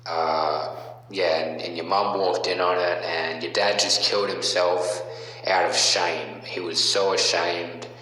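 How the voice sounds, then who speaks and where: A deep-voiced man rants slowly in a mocking, taunting tone, stalling on fillers and restarting his phrases. His voice has a bright, forceful edge. It sits in a very echoey room with a long reverb tail and a faint hum behind it. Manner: halting, full of fillers and restarts. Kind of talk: casual rant.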